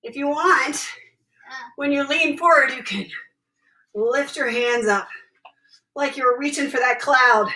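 A woman leads a home workout, a mother counting reps and calling out stretches with cheerful encouragement. Her voice sits high and bright. She is recorded from across an echoey room at home, set back from the camera. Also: slow, pauses often. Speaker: mother leading a family workout. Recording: echoey room, voice from far off the mic.

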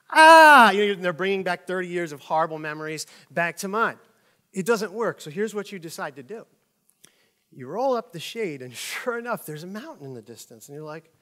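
A middle-aged male pastor preaching a casual sermon, telling a comic story with quick asides and acted-out voices. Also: high voice, a bit bright. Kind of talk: conversational sermon.

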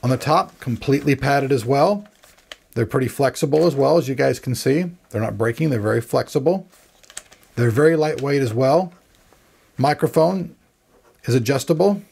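A man's voice: mid-range voice, moderate pace, gravelly, a little mellow, husky. A man giving casual, rambling commentary as he unboxes and reviews a gaming headset, joking at his own expense. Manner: chatty, rambling, self-deprecating. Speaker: tech reviewer.

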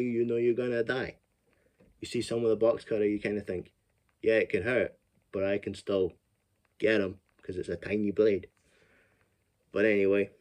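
A man's voice: medium pitch, a little mellow. A man casually recapping a horror film plot, rambling, profane and often laughing. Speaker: film reviewer.

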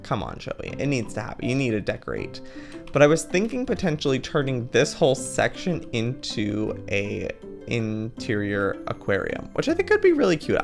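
A man's voice: mid-range voice, vocal fry. A man hosting a gaming video, chatting to viewers in a playful, dramatic way as he plays. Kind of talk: Minecraft let's-play commentary.

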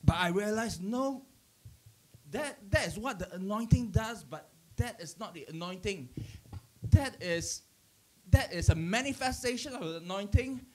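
A middle-aged man, a pastor, giving a conversational church teaching with animated storytelling, restarting his sentences often and chuckling. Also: high voice, measured pace.

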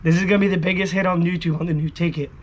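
This lottery-scratching vlogger has a high voice and a steady tone, and he talks very fast. He chats casually with viewers and shouts catchphrases, sounding hoarse from it, close to a tabletop camera indoors, with slight background noise.

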